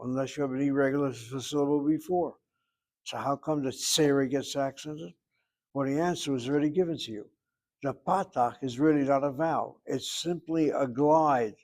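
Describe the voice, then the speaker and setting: A man's voice: mid-range voice, a little mellow. A man teaching a Hebrew grammar class, explaining at length with wry asides and calling on students by name. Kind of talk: online class lecture.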